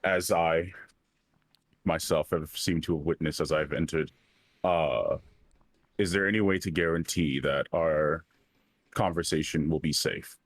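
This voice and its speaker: A man's voice: very deep voice, a little slow, long pauses, no echo, clean studio sound, heavily acted. A man playing a polite, wary character in a tabletop game, speaking hesitantly and searching for words. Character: polite, wary young man seeking help.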